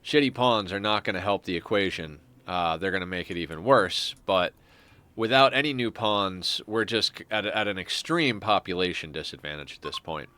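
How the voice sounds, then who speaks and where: Bright-toned man rambling over gameplay. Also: low voice, moderate pace, no echo. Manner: rambling, thinks aloud with many "uh" restarts. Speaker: game streamer. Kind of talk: casual gameplay commentary.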